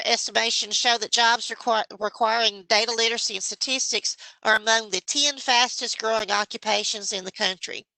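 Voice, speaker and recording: A woman giving a measured, explanatory presentation to a state education board as a committee member. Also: on the high side, sharp tone, no echo, low-quality recording. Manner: explanatory, measured, with some restarts. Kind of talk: formal presentation.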